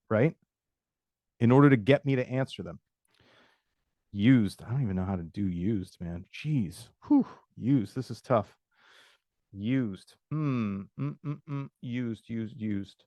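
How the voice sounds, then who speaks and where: A man's voice: medium pitch, no room sound, studio quality. A man hosting a live webinar on video call, coaching sales agents and improvising sample messages while calling on attendees by name.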